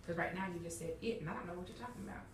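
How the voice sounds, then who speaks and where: A woman's voice: fairly low pitch, very fast, background noise. Woman teacher, roomy classroom, far from mic. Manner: encouraging, checks in with "okay?" and "all right?". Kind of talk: classroom instruction.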